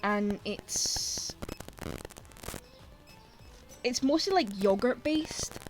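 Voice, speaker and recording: A woman's voice: on the high side, animated, very slow, soft background music, poor audio. A Scottish woman streaming, chatting casually and bluntly while she plays, swearing freely. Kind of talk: casual chat while gaming.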